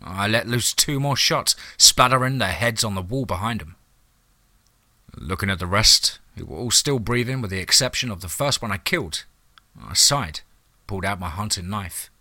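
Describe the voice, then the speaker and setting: A man's voice: fairly low pitch, moderate pace, sharp tone, no room sound, studio quality. A man narrating a first-person horror story in a wry, hard-boiled, profane manner.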